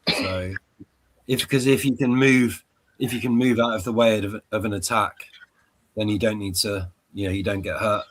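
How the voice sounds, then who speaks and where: A man's voice: lowish voice, fairly even intonation, moderate pace, slight background noise. A man chatting on a stream, thoughtful and repeating words as he works out his point. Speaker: stream guest. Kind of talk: casual chat.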